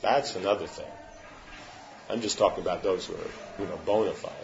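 Low-pitched and fairly quick, with vocal fry, a man gives an informal religious talk as a spiritual teacher. He responds to questions emphatically, constantly asking "you know what I'm saying?" to confirm understanding. The muffled, lo-fi recording has a noisy background.

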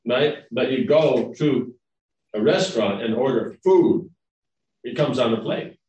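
Measured in pace, his mid-range voice has a darkish tone, and the audio sounds dull. He's a spiritual lecturer giving a devotional class, meandering conversationally and frequently checking in with the audience, with a roomy, distant-mic recording.

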